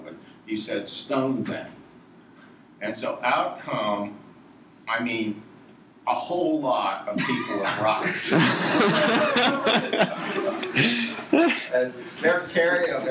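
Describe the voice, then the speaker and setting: A man from Virginia telling a meandering, digressive story to a live audience and chuckling at his own tale. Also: mid-range voice. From Virginia, USA. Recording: echoey room, distant mic, noisy.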